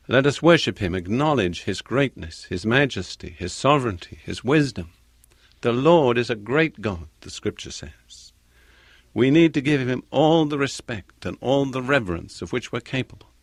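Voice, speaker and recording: A man preaching a sermon in a measured, deliberate way, repeating key phrases for emphasis. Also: medium pitch, expressive, a bit bright, no echo, studio quality.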